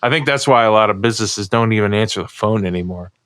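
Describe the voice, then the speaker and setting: Middle-aged American podcast co-host, rambling anecdotal chat, crisp and dry. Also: male voice, lowish voice, fast, a bit bright, no echo. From United States. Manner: rambling storyteller. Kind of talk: casual chat.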